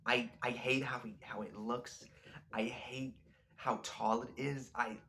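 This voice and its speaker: Gravelly young man rambling about a movie. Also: medium pitch, fairly even intonation, a little slow, pushed and bright, slight background noise. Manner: rambling, restarts sentences often. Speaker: video creator. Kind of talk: casual rambling movie review.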